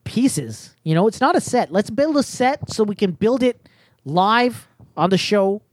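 A woman's voice: medium pitch, expressive, a little slow, dry recording. A woman hosting a casual podcast from a headset mic, rambling with lots of fillers and restarts. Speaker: podcast host.

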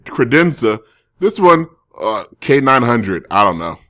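A man's voice: medium pitch, expressive, moderate pace, bright, forceful tone. A man streaming casually, reading viewer comments and rambling through jokes and self-corrections.

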